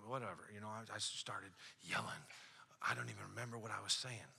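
A male pastor in his thirties preaching a sermon, telling a personal story that builds from hushed retelling to loud, excited preaching. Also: lowish voice, fast, vocal fry, breathy edge.

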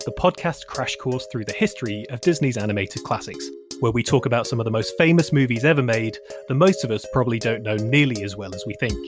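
A man's voice: medium pitch, fast, music in the background. A young man hosting a podcast, speaking in a playful, jokey way. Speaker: podcast host. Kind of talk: podcast chat with scripted intro.

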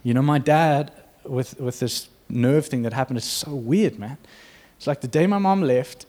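A man's voice: medium pitch, normal speed, darkish tone. A man preaching a sermon to his church in an earnest, conversational way, acting out quotes as he goes. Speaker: pastor.

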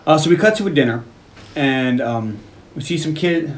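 A man's voice: on the high side, lively intonation, moderate pace, reverberant, slight background noise. A man co-hosting a casual movie podcast, retelling scenes and acting out dialogue with swearing. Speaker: podcast co-host. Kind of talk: casual movie recap chat.

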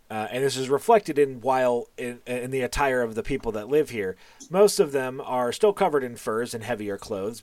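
A man running a tabletop game session, narrating scenes in a loose, casual way full of fillers and offhand cursing. His voice is middle-pitched and close, with a dry, dead sound around it. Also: no room sound. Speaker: game master.

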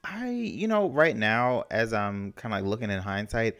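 Low-voiced man musing on his twenties. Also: expressive, normal speed, a bit bright, clear, resonant tone. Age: late 20s. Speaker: podcast co-host. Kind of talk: casual chat.

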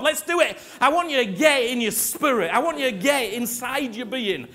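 A man's voice: very high voice, animated. A man preaching a sermon, impassioned and emphatic, urging his congregation to respond and repeat after him. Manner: slow and emphatic, with sudden loud peaks.

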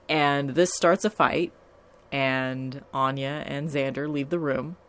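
A woman's voice: rumbling low, steady tone, slow, fairly bright tone. A young woman talking casually and candidly about a TV show, swearing freely. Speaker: TV episode recapper. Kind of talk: casual chat.

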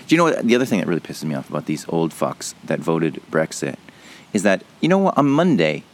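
A man hosting a podcast, ranting angrily, swearing often and mocking the people he talks about. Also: low-pitched. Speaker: podcast host. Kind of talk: angry solo podcast rant.

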